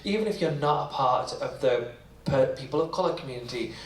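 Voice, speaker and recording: This British author guest, a man in his thirties, speaks in a brisk, expressive, mid-range voice while telling stories to a library hall audience. He is chatty, pokes fun at himself and laughs often. The recording captures a roomy space with the mic placed at a distance.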